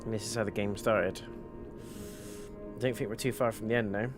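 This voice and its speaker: Guy chatting over a game, low-ish voice, game music going behind. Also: fairly even intonation, fairly quick. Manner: joking, chatty. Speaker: gaming streamer. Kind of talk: casual gameplay commentary.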